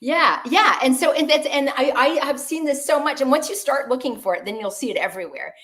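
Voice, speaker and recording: A woman doctor giving an online webinar talk in a lively, conversational way, asking the audience questions. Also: sits high, brisk.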